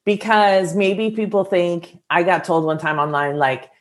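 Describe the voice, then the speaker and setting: A woman with a lowish voice speaks straight to her listeners in a motivational talk. She sounds casual and earnest, with filler words here and there, and keeps an encouraging, coaching tone throughout. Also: fairly even intonation, measured pace.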